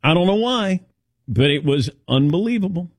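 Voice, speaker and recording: A man's voice: high voice, normal speed, dry recording. A middle-aged man hosting a radio show, telling stories casually and acting out what others said. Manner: animated anecdotes, quotes others in voices. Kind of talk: casual storytelling chat.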